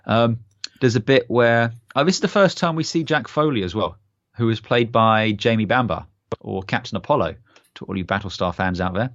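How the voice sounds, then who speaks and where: A man's voice: on the low side, a bit bright, no echo, highs cut off. A man co-hosting a casual podcast chat, retelling a TV episode with enthusiasm and lots of fillers. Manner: enthusiastic, rambling with many fillers. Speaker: podcast co-host.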